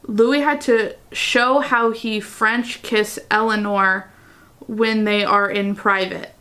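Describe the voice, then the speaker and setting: A woman's voice: mid-range voice, steady tone, slow pace, sharp tone. A woman vlogger reading fan fiction aloud in a casual way, breaking off into chatty, giggly asides. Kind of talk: casual reading vlog with commentary.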